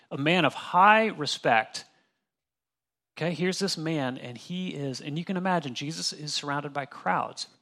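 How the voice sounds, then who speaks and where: A man's voice: fairly high pitch, a bit bright. A young man leading a casual Bible study, talking through a passage verse by verse in an easy, conversational way. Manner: conversational, with restarts and acted-out asides.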